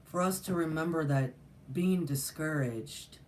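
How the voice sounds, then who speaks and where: A woman's voice: deep voice, unhurried, darkish tone, a little hiss or hum. Woman, spiritual teacher, casual monologue, rambling with fillers. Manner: rambling, earnest, many fillers and restarts. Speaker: spiritual teacher and channel host.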